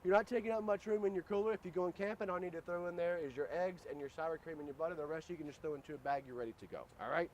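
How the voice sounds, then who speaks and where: A man's voice: a little high, racing, hardly any pauses, slight background noise. A man hosting a casual cooking demo outdoors at a grill, joking around and talking to viewers as "guys.". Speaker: grill cooking show host.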